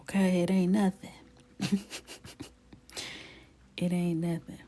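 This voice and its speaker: While coloring on a live stream, a woman chats casually, greets viewers by name and often drops to a soft near-whisper. Her voice is on the low side, with a flat delivery and a slow pace.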